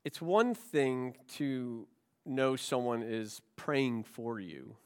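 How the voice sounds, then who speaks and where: A man's voice: medium pitch, lively intonation, very slow, clean tone. A man pastor preaching a sermon in a conversational way, telling anecdotes and asking rhetorical questions, recorded in a church.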